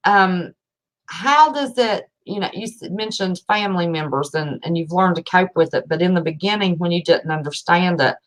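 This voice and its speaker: A woman's voice: on the low side, moderate pace, low-quality recording. Chatty folksy older woman host. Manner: chatty, laughs often, folksy. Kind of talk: casual chat.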